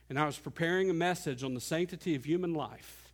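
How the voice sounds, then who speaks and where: Male pastor, middle-aged, earnest pulpit delivery with sharp dynamic swings, slightly high voice. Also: fast. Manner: earnest preaching, dropping soft and rising loud. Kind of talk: sermon.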